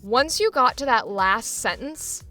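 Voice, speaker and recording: Woman, acting coach, high bright voice, upbeat and laughing, faint music under her. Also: expressive, a little slow. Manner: enthusiastic, laughs often, encouraging. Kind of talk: coaching feedback chat.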